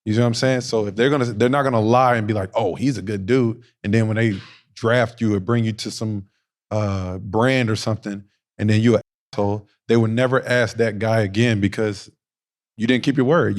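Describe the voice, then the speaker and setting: A man's voice: lowish voice, fairly even intonation, brisk. A man giving a blunt, slangy motivational talk to young players at a basketball camp. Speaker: guest speaker at a youth basketball camp.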